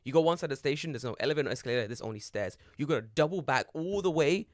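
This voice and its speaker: A young man, a podcast co-host, telling an animated story in casual chat and swearing freely. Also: on the high side, very fast, no room sound, clean studio sound. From Britain.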